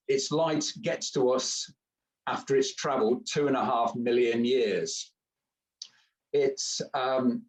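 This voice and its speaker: A man's voice: medium pitch, darkish tone, distant mic, poor audio. A man giving a chatty, joking camera club talk with many fillers.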